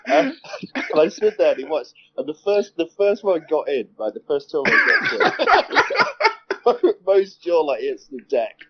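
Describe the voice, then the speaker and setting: A man's voice: a little high, expressive, a little slow, noisy background. A man, co-hosting a casual podcast chat, telling a story with lots of laughter and the odd swear word. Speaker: podcast co-host. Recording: dull lo-fi sound.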